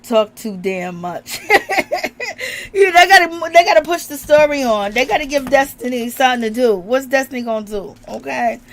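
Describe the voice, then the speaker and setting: A woman's voice: high voice, expressive, moderate pace. A woman chatting casually to her viewers about a reality show, laughing often and talking with a strained voice as she recovers from illness. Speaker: reality TV recap vlogger.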